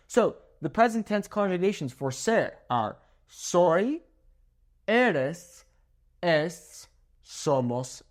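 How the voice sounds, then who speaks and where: A young man teaching a language lesson at a whiteboard, upbeat and joking, checking in with "okay?" as he goes. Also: a little high. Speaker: Spanish teacher.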